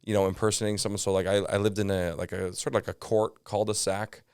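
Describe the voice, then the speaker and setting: Comedian guest, Canadian man, rambling storyteller, resonant low voice. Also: fast talker, clean tone, no echo, clean studio sound. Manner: animated storyteller, lots of fillers and asides. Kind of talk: casual podcast chat.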